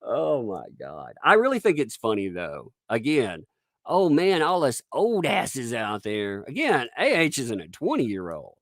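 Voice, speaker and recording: A man's voice: medium pitch, wildly swooping pitch, unhurried, a bit bright, no echo, clean studio sound. A man hosting a livestream commentary, mocking and laughing often as he talks. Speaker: YouTube commentator.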